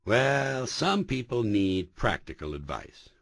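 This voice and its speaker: A man from the United States doing a stand-up comedy routine, sardonic and profane, with sharp comic timing. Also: mid-range voice, sing-song, takes it slowly, gravelly, music in the background.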